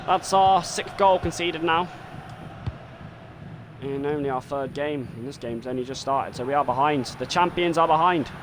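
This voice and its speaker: A man commentating his own football video game live, muttering play-by-play and swearing and yelling when things go wrong. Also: a little high, normal speed, noisy background.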